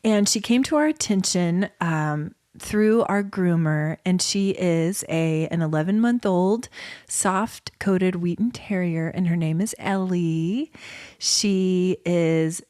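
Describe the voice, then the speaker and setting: A woman's voice: fairly low pitch, takes it slowly, clear, resonant tone, no room sound, studio quality. A woman co-hosting a podcast, sharing family news in a casual, easygoing way. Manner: warm storytelling, laughs easily. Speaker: podcast co-host. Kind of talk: casual chat.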